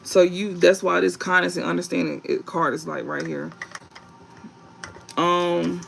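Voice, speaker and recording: A man giving a casual tarot reading to viewers, rambling and halting with many fillers and restarts, and reading card meanings aloud. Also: sits high, flat delivery, vocal fry, a bit bright, faint music behind, low-quality recording. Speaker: tarot reader.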